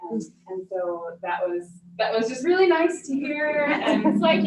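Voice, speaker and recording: A woman's voice: a little high, big pitch swings, measured pace, background noise. A woman introducing herself at yoga teacher training, hesitant and full of ums. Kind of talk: casual group introduction. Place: yoga studio room with a group. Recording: dull, echoey, from a distance.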